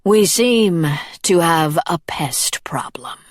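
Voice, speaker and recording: A woman voicing a cold, unhurried monster lord. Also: fairly low pitch, animated, no room sound, clean studio sound. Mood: menacing calm. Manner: slow, quiet, coolly polite.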